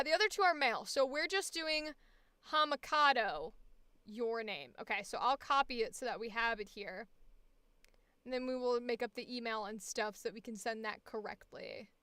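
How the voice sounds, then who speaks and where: High bright woman streamer just chatting casually, cusses a lot, quiet music in the back. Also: clean tone, no echo. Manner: chatty, swears freely, quick laughs. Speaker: voice actor streaming a coaching session. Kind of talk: casual live-stream chat. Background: faint background music.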